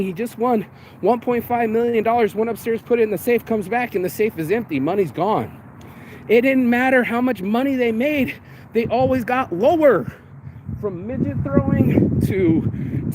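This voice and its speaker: A man's voice: high voice, darkish tone. A man giving a blunt, profane, emotional motivational monologue outdoors in the rain. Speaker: vlogger. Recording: noisy outdoor street recording. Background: rain and passing traffic.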